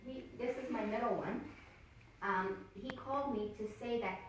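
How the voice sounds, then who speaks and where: A middle-aged woman telling stories to a small group in a chatty, animated way, laughing often and tagging her sentences with "right?". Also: a little high, moderate pace, slight background noise. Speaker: health coach. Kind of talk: casual storytelling to a small group. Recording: very echoey room, mic far off.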